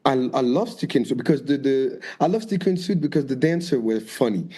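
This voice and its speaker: Mellow-voiced man telling lively stories. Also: mid-range voice, fairly quick, slightly rough. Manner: lively storyteller, acts out quoted voices, swears freely. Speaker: guest dancer and choreographer. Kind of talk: storytelling interview.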